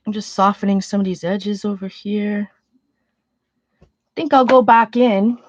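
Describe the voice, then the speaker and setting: Painting on a livestream, a woman talks in a mid-range voice with a steady tone and measured pace. She is chatty and rambling, greets her viewers, thinks aloud and sniffles, and the audio is dry, a bit muffled, and free of room sound.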